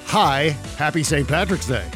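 A man hosting a casual political podcast, joking and animated with quick asides. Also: a little high, over music. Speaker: podcast host.

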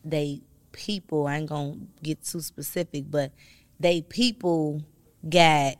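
A woman's voice: low-pitched, steady tone, takes it slowly, no room sound. A woman chatting casually and frankly, swearing offhandedly in a laid-back way. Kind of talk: casual chat.

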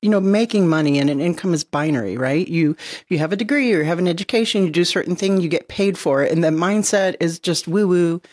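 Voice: mid-range voice, fast talker, a little mellow, dry recording. Podcast host with a dry close sound. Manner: engaged, reacting with short affirmations. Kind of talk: interview conversation.

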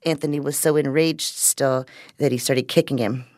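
Low-voiced woman narrating a radio story. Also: fairly even intonation, darkish tone, dry recording. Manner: conversational, measured narration. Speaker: reporter narrating.

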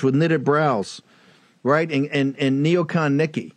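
A combative man hosts a political talk show, pressing his case and repeating his points. His voice sits a little high for a man. The sound is dry and close, with no room echo. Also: fairly even intonation, slow. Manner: combative, repetitive, addresses listener as "brother". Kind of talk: political commentary monologue.

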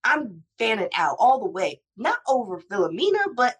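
A woman hosting a podcast interview, introducing her guest and telling stories with lively enthusiasm. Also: fairly high pitch, moderate pace, husky. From Delaware, United States. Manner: enthusiastic, animated storyteller. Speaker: podcast host. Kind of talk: casual interview.

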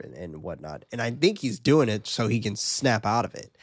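A man's voice: fairly low pitch, sing-song, moderate pace, hardly any pauses, dry recording, clean studio sound. A man co-hosting a casual podcast, recapping a film's plot and joking about it with a friend. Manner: laid-back, laughs at his own asides, reads plot summary aloud. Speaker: podcast co-host recapping a film.

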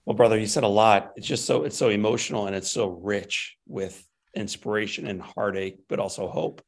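A man's voice: on the low side, steady tone, normal speed, gravelly. A man hosting an interview, asking earnest questions and reading figures from his notes. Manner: earnest, reads stats from notes. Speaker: interview host.

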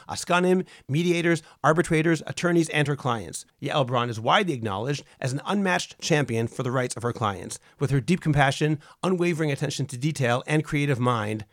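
A man's voice: a little high, fairly bright tone, no echo. Man hosting a podcast, dry close sound. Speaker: podcast host. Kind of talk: scripted podcast intro and interview questions.

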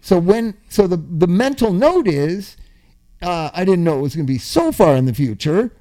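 An older man with a high, very lively voice spins a rambling recovery story in a casual chat. He swears freely, laughs at his own jokes and shouts out the lines he once yelled. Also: moderate pace. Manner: animated storyteller, swears, laughs often, acts out yelling.

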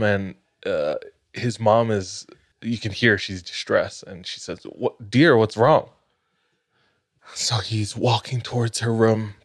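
Deep, slow-talking man telling ghost stories. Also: no room sound, clean studio sound. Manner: measured, dramatic storytelling with light laughs. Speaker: podcast host. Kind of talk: telling a spooky story on a podcast.

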